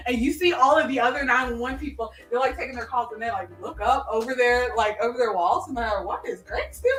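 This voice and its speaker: A woman co-hosting a casual chat, excitedly retelling a TV episode and acting out its dialogue. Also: a little high, fast, hardly any pauses, roomy sound, distant mic. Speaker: podcast co-host. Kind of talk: casual chat recapping a TV show.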